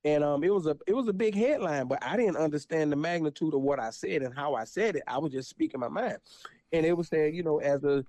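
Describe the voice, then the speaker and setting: A man's voice: on the high side, animated, quick pace, a little mellow, dry recording. A man in his forties from South Florida, a guest reminiscing in a casual chat, slangy and often repeating himself.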